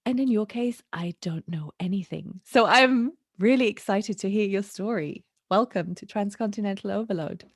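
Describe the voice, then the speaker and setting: A woman's voice: mid-range voice, moderate pace, few pauses, breathy edge, no room sound, clean studio sound. A woman hosting a podcast, chatty and upbeat, who laughs often while talking. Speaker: podcast host. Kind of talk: casual podcast chat.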